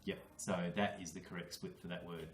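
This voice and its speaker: A fairly low-voiced Australian man coaches children through syllables and spelling, patient and matey, steadily encouraging. His voice bounces around a roomy classroom. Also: level tone, fairly quick, a little hiss or hum. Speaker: literacy teacher. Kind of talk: small-group reading intervention lesson.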